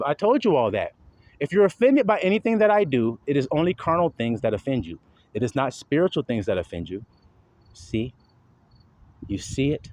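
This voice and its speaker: A man's voice: medium pitch, a little mellow, slight background noise. A man preaching an informal sermon in a slangy, fervent and profane manner.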